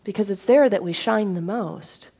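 A woman's voice: mid-range voice, moderate pace, husky. Woman minister preaching a sermon. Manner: warm, laughing, conversational preaching.

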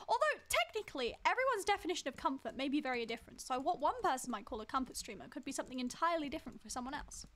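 A woman's voice: high voice, big pitch swings, racing, hardly any pauses, a bit bright, a little hiss or hum. A woman streaming a game live, chatting casually with viewers and teasing them as she plays. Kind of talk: casual live-stream chat while playing.

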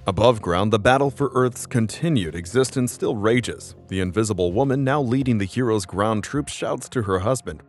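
Lower male narrator, dramatic scripted recap, soft music bed. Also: animated, normal speed, few pauses. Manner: dramatic storytelling.

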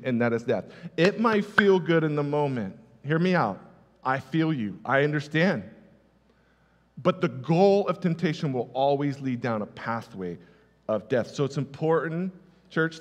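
A male pastor giving a conversational sermon with personal stories, stressing key words by repeating them. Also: a little high. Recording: reverberant hall.

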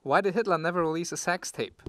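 A man's voice: on the high side, fast, bright, forceful tone. A man on a comedy podcast reading jokes aloud with a playful robot "beep" bit. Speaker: show regular reading jokes.

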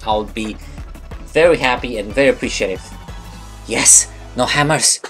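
A woman commentating her own game play, excitable and swearing at opponents, with faint game music behind. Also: very deep voice, normal speed. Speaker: gamer.

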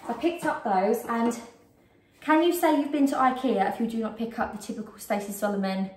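A woman's voice: on the high side, fairly quick, a little mellow. A British woman vlogging a casual shopping haul at home, chatty and rambling with frequent ums, a bit out of breath. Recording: roomy echo, distant mic.

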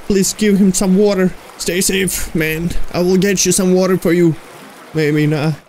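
A man playing a horror video game, reacting out loud, talking to its characters and swearing mildly between loud outbursts and nervous laughs. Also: high-pitched, slow pace, a little hiss or hum. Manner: jumpy, talks to the game characters, mild swearing. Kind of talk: let's play commentary.

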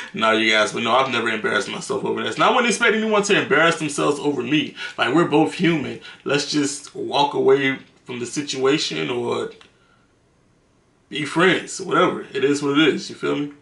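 Bright-voiced man telling stories, roomy echo. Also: mid-range voice, moderate pace, gravelly. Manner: profane, slangy, laughs between stories. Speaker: vlogger. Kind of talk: casual storytelling to camera.

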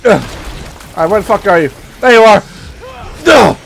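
High-pitched, excitable young man gaming. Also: moderate pace, vocal fry, raised voice. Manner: excitable, profane, makes sound effects while playing. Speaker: gaming commentator. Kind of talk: let's play commentary.

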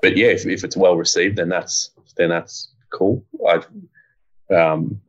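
A low-pitched man in relaxed podcast chat. He rambles with plenty of fillers and swears offhandedly. The audio sounds muffled and lo-fi. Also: measured pace. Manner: rambling, laid-back, swears casually. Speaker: co-host, bike part designer.

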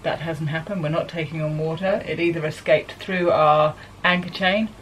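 A woman's voice: low voice, steady tone, normal speed, a little hiss or hum, rough recording. A woman from New Zealand with a New Zealand accent, a sailing vlogger talking casually and matter-of-factly to camera aboard a sailboat.

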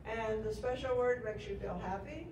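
A woman's voice: on the high side, normal speed, close to an everyday voice. A woman playing Mary Poppins as a jokey magical nanny turned caretaker, chatty and self-mocking at a live event. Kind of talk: comic live character performance. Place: public square event. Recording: echoey, distant mic with ambient noise.

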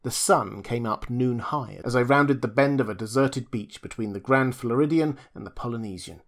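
A man narrating a novel in the first person, with a measured, reflective delivery. His voice sits at an ordinary middle pitch for a man. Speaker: audiobook narrator.

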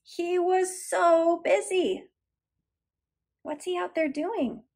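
A woman's voice: very high-pitched, fairly even intonation, very slow, gravelly, darkish tone. A woman leading a preschool circle time lesson and reading a picture book aloud, encouraging and sounding out letters. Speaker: preschool teacher.

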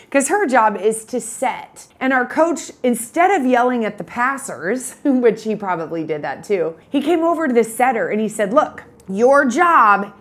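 A woman in her fifties who coaches photography business owners. She gives an energetic motivational talk and tells stories in a chatty way. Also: medium pitch.

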